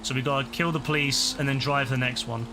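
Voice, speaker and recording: A tired man giving live gameplay commentary speaks at a quick pace in a mid-range voice with fairly even intonation. Frustrated, he talks to himself and the game in exclamations, and his voice is beginning to break. The game's sound comes through clearly.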